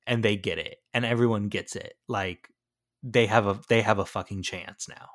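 A man co-hosting a podcast, talking casually about a film and often pausing to search for words. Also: fairly low pitch, steady tone, a bit bright. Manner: searching for words, hesitant, many fillers. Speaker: podcast co-host. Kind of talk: casual movie discussion.

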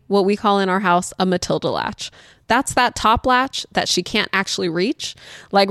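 A woman's voice: mid-range voice, fairly bright tone, dry recording, studio quality. A woman hosting a podcast as a parenting educator, talking candidly and laughing often. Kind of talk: casual podcast talk.

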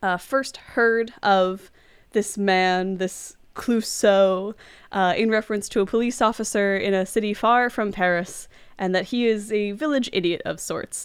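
A woman hosting a podcast, casually recapping a film with frequent giggles and quick asides. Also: medium pitch, clean tone, no echo. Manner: chatty, giggly, recounts scenes with quick asides. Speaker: podcast host.

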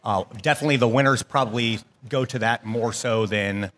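A man's voice: medium pitch, fairly quick, fairly bright tone. A middle-aged man from Ohio, a restaurant chef answering interview questions with frequent ums and restarts. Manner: hesitant, lots of ums and restarts.

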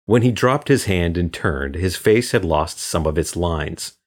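Deep-voiced male audiobook narrator. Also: expressive, unhurried. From Florida. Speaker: guest narrator.

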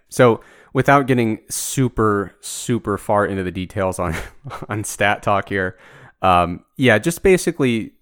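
A man's voice: on the low side, a bit bright, clean tone, no echo. A man hosting a podcast in casual chat, explaining ideas analytically through worked examples, with a dry, teasing humor. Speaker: podcast host.

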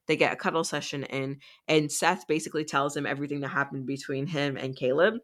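A woman's voice: low voice, fairly even intonation, fast talker, a bit bright. A woman co-hosting a podcast, casually recapping a book in a chatty way, with lots of fillers. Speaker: podcast co-host.

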